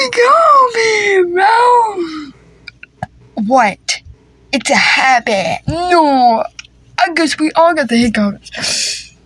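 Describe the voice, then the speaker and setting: A woman's voice: sits high, lively intonation, very slow, pauses often, fairly bright tone, no echo. A woman improvising a comedy family skit, talking in a playful, teasing, slangy way. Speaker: creator voicing a family skit.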